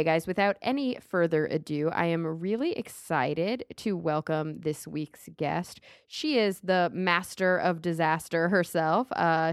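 A woman hosts a podcast in a chatty, upbeat manner. Her voice sits a little low. The sound is dry and close, with no room around it. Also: clear, resonant tone, dry recording. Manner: upbeat, chatty, reads sponsor thanks and promos. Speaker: podcast host. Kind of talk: casual podcast chat.

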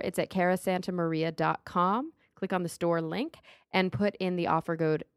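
A woman's voice: fairly low pitch, smooth, dry recording, clean studio sound. A woman hosting a podcast, talking in an upbeat, chatty way as she thanks supporters and introduces her guest. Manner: upbeat, chatty, reads sponsor thanks and promos. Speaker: podcast host. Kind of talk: casual podcast chat.

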